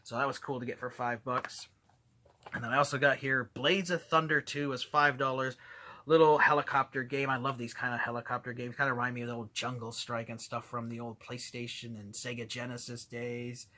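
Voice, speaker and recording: A man's voice: medium pitch, little pitch movement, a little fast, bright, forceful tone. A man casually showing off his recent video game finds in an enthusiastic, rambling way with plenty of fillers. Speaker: video game collector vlogger. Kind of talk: casual show-and-tell vlog.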